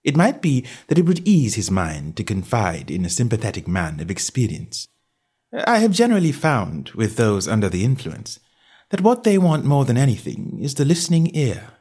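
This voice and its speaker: Male audiobook narrator, jaunty wry first-person storytelling, husky tone, animated pitch. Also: moderate pace. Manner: jaunty, wry storytelling with varied character voices. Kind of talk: first-person comic novel reading.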